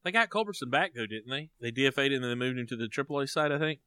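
A man co-hosting a casual sports podcast, chatty and teasing, growing animated when excited. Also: medium pitch, very fast, clean tone, dry recording. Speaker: podcast co-host.

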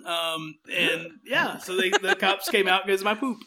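A man's voice: sits high, unhurried, over a noisy crowd. A man telling a long rambling story in casual chat, acting out what people said. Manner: rambling, self-deprecating, acts out quotes.

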